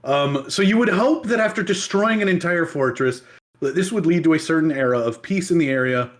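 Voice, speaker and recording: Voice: medium pitch, animated, brisk. A podcast host casually retelling history, chatty and digressive with many asides.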